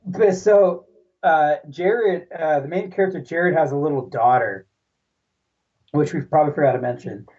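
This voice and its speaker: A man's voice: on the high side, normal speed, a little mellow. A man co-hosting a casual movie podcast, rambling and restarting as he recalls scenes. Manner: rambling, restarts, laughs along. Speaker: podcast co-host. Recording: dull distant mic.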